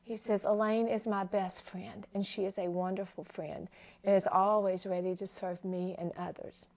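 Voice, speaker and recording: A woman's voice: medium pitch, level tone, moderate pace, a little mellow. A woman hosting a Christian talk show interview, moved to tears as she honors her guest. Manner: emotional, tearful while honoring her guest. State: tearful.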